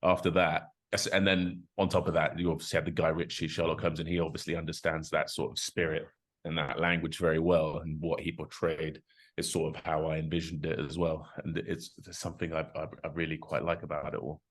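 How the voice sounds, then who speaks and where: A man with a very deep voice talks as a podcast guest. He is enthusiastic and a little rambling, piling up fillers as he thinks aloud. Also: flat delivery, brisk. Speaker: guest, rugby prop forward. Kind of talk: casual podcast chat.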